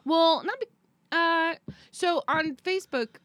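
A woman's voice: very high-pitched, slow, dry recording. A woman co-hosting a podcast in casual chat, telling stories and acting out quotes. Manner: storytelling, animated quoting. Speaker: podcast co-host.

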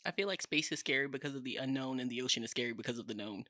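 A woman's voice: rumbling low, racing, pushed and bright, no echo, studio quality. A woman on a podcast who gives blunt opinions and laughs a lot in casual chat. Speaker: podcast co-host.

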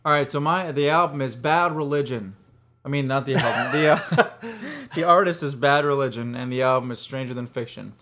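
A man in his twenties co-hosting a casual podcast, talking in a relaxed, hesitant way full of restarts. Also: medium pitch, fairly quick. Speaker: podcast co-host. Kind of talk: casual chat.

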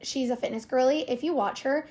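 High-voiced and a little fast, with a darkish tone, this young podcast co-host drifts through a casual chat thick with filler words.

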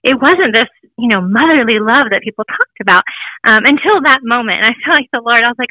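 Thirties woman, interview guest, candid and bright, dry close mic. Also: fairly high pitch, fast, no echo, low-quality recording. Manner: candid, laughs often, acts out voices in quotes. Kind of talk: personal testimony interview.

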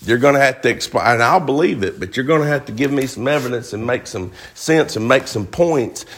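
A man's voice: medium pitch, animated, brisk, fairly bright tone. A man preaching a sermon, emphatic, firing rhetorical questions at the congregation.

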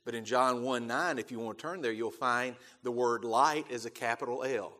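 A man preaching a sermon as pastor, emphatic, repeating key phrases and swelling loud on key words before dropping to quiet asides. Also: medium pitch, normal speed. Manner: emphatic, repeats key phrases, quotes scripture in King James wording.

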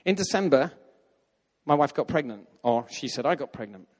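A man telling a story in a sermon, lively and acting out the voices of the people in it. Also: mid-range voice, normal speed. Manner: animated, acts out quoted voices. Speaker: preacher. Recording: long hall reverb.

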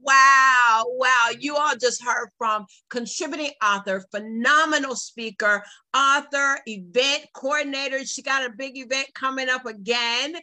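A woman's voice: high-pitched, normal speed, hardly any pauses, bright, forceful tone, poor audio. A woman hosting a live online book talk, emphatic and affirming as she introduces authors.

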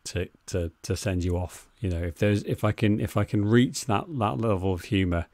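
Man, British, podcast co-host, dry teasing humour, fairly low voice, dry close sound. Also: moderate pace, darkish tone, dry recording. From Britain. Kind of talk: casual film discussion.

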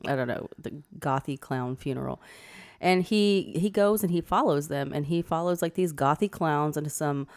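A woman's voice: low voice, normal speed. A woman co-hosting a podcast, recapping a movie in blunt, sweary casual chat. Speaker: podcast co-host.

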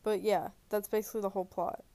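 A woman's voice: mid-range voice, little pitch movement, fast talker, dark tone, no room sound. A woman giving rambling, casual movie reviews alone in her bedroom, full of fillers, restarts and trailing thoughts.

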